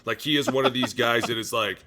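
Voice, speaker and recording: A man, a former pro lineman co-hosting a sports podcast, talking in an animated, profane, casual way and acting out other people's voices. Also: mid-range voice, quick pace, noisy background. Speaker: former NFL offensive lineman, podcast co-host.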